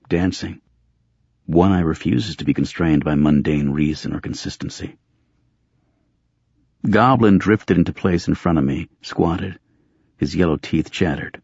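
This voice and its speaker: A man's voice: very deep voice, measured pace, a little mellow, husky, dry recording. A man reading a first-person story aloud as an audiobook narrator, with a dry, gritty storytelling manner. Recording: dull, muffled audio.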